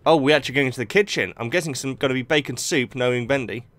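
A young man hosting a let's play, excitably talking to himself and the game. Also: mid-range voice, racing. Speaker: gaming video host.

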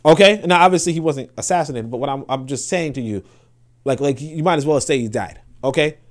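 Guy ranting on a livestream, fired up and swearing a lot, keeps repeating himself, voice sits a bit high. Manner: impassioned, profane, repeats himself often. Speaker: political commentator. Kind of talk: livestream commentary reading and reacting to an article.

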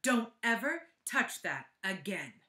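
A woman's voice: a little high, very animated, normal speed, bright, forceful tone, voice pushed up. A woman voicing a kindly, cheery old schoolteacher in a sweet, sing-song way, in an echoey room. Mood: stern.

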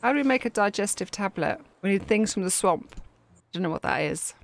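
A woman giving chatty, excitable commentary while playing a game. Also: mid-range voice, fairly quick, vocal fry. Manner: chatty, giggly, exclaiming. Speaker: game streamer. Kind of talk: gameplay commentary.

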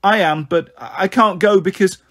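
A man's voice: high-pitched, normal speed, a bit bright, pitched above the performer's own voice. A man voicing a small injured girl who gasps out her words, trying to sound brave. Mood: brave gasping. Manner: gasping, strained.

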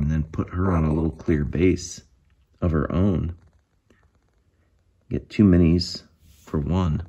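A man with an extremely low, husky voice reviews tabletop miniatures in a casual, excited way. He keeps slipping into quiet, hushed asides as he looks closer. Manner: enthusiastic, drops to hushed asides.

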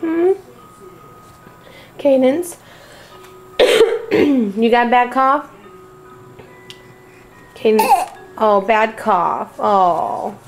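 A young woman with a high voice talks slowly to her baby in a home video. Her speech is sing-song, coaxing baby talk, full of repeated little phrases. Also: lively intonation, faint music behind. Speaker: mother.

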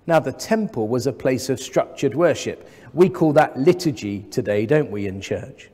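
An English man in his thirties preaching a sermon as the new vicar, measured and gently humorous, with rhetorical questions to the congregation. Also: mid-range voice, lively intonation. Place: large church. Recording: long church reverb.

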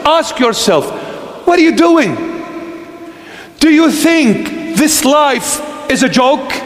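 A man preaching a sermon as a bishop, pleading slowly and repeating his appeals, sometimes shouting. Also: very high-pitched, sing-song, roomy sound, big-room sound.

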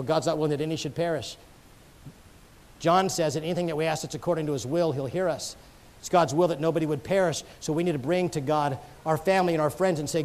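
A man with a high voice and darkish tone preaches a sermon earnestly, telling stories and joining in light jokes with the congregation.

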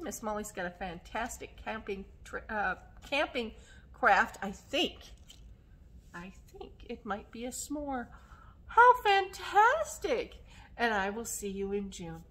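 A woman librarian leading a children's story time, singing songs and speaking slowly and animatedly to small children. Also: mid-range voice. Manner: slow, sing-song and animated for small children; coughs now and then. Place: public library.

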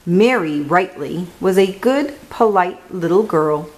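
A woman hosting a children's reading show, reading a picture book aloud in a gentle, careful way. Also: lowish voice, lively intonation, slow, poor audio. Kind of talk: storybook read-aloud.

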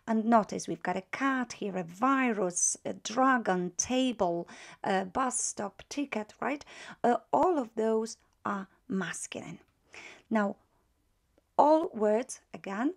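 A woman's voice: mid-range voice, vocal fry. A woman teaching a language online, patiently spelling out and repeating each word.

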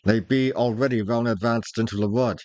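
A man voicing a rough-spoken young male squire in a storybook reading, with gruff, commanding, old-fashioned speech. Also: mid-range voice, steady tone, moderate pace, darkish tone, no room sound, close to an everyday voice. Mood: urgent.

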